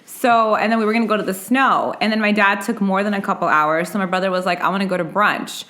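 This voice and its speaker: A young woman co-hosting a podcast in casual chat, an animated storyteller who swears and acts out family arguments. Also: medium pitch, quick pace. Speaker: podcast co-host.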